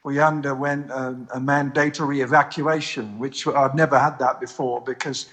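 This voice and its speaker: A man from the United States calling into a live show, talking in a wry, self-deprecating, halting way. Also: medium pitch, steady tone, fairly bright tone. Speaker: guest on phone. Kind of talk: casual call-in chat.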